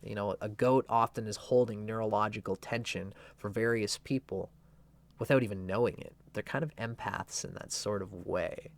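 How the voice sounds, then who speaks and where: A man's voice: lowish voice, normal speed. Loose, casual male astrology teacher. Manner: loose and conversational, with a playful, irreverent edge. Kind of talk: casual explanatory talk.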